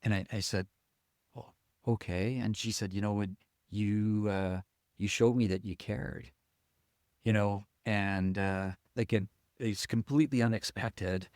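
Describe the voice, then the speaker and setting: Low-voiced man telling a story, halting. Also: fairly even intonation, no room sound, clean studio sound. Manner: halting, with many restarts and soft asides. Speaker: guest, company chief executive. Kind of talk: conversational storytelling in a podcast interview.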